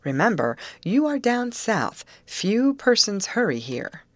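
A woman's voice: on the low side, expressive, moderate pace, no echo, lightly acted. A woman reading aloud, voicing a genial middle-aged uncle who speaks in an easygoing, reassuring way.

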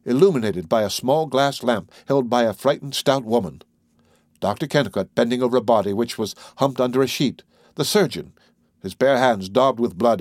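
A man narrating an audiobook in a measured, unhurried way. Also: mid-range voice, dry recording, clean studio sound.

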